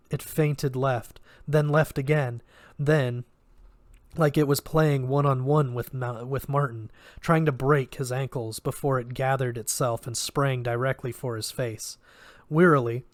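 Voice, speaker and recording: A man of middle pitch reads a fantasy novel aloud at home, narrating steadily and now and then going back to fix a word. His voice is picked up close, with a dry, dead sound and no room around it. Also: no room sound. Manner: steady narration with occasional self-corrections. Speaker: reader of a novel.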